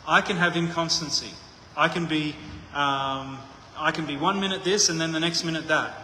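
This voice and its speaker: A man's voice: fairly high pitch, normal speed, pushed and bright, slight background noise. A man preaching a conversational sermon, thinking aloud with frequent restarts. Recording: echoey hall with long reverb.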